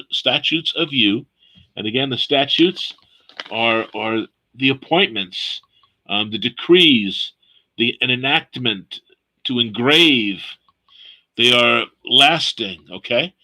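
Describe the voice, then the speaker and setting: A man leads a scripture study session with a very bright, ringing tone. He unpacks word meanings patiently, circling back over phrases as he goes. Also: medium pitch, rough recording. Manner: explains word meanings slowly, repeating phrases. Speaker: Bible study leader.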